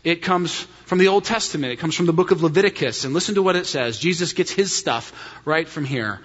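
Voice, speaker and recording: A middle-aged man preaching a sermon as pastor, telling a story with animated jokes. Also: on the high side, fairly quick. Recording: dull sound in a hall with long reverb.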